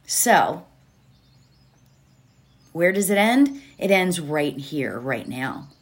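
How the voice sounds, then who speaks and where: Slow, gentle woman reflecting aloud. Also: low voice, very animated. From United States. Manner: gentle, repeats key phrases, asks rhetorical questions. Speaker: mindfulness speaker. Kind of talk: reflective motivational talk. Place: at home.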